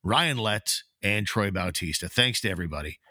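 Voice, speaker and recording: An upbeat man hosting a casual sports podcast, his voice bright and forward. The sound is close and dry, with no room around it. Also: fairly low pitch, expressive, normal speed, dry recording. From Canada. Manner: upbeat, rattles off sponsor and member names. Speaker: podcast co-host.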